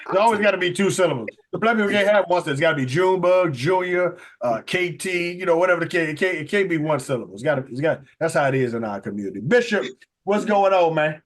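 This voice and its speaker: A man's voice: on the high side, expressive, fast. A man hosting a radio talk show, casual and joking, sometimes stretching words in a singsong announcer style.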